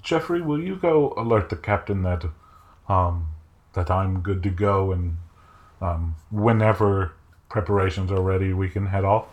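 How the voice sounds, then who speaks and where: Man with a very low voice running a game. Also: measured pace. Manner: relaxed, hesitant with many fillers. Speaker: game master. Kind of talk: narrating a tabletop game.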